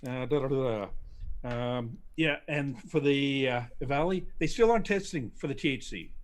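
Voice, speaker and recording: A man with a mid-range voice speaks at normal speed as co-host of a casual livestream chat. He is opinionated, tells stories, and mimics other people's voices.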